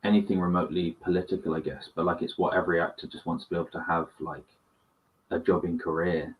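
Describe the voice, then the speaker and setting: Low-voiced guy thinking out loud, bit far from the mic. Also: flat delivery. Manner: thoughtful, halting. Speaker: guest actor. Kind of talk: reflective casual chat.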